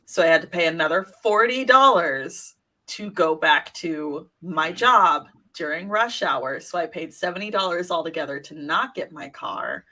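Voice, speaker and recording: Bright-voiced chatty woman co-host. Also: sits low, animated, moderate pace. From Minnesota. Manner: chatty storyteller, laughs often. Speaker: podcast co-host. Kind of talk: casual live-stream chat.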